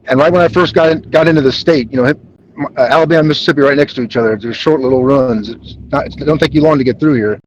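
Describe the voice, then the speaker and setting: A man calling in from his car while driving, talking in an excitable, rambling way. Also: mid-range voice, fast talker, slight background noise. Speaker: caller. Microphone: phone. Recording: dull lo-fi phone call.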